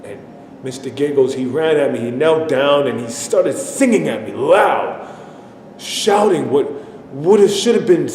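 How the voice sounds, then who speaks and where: A man performing a dramatic stage monologue, speaking haltingly and repeating himself as he recounts a disturbing memory. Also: darkish tone. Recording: echoey hall, faint rumble.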